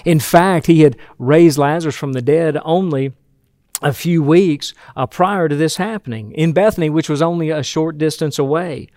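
A man's voice: fairly high pitch, moderate pace, darkish tone, dry recording, clean studio sound. A man preaching a sermon in an earnest, emphatic way, often restarting and repeating words.

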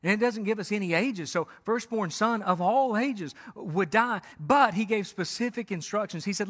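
A man's voice: high voice, moderate pace, few pauses, fairly bright tone. Man preaching in an echoey hall. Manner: conversational preaching with frequent stammered restarts. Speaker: pastor. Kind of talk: sermon.

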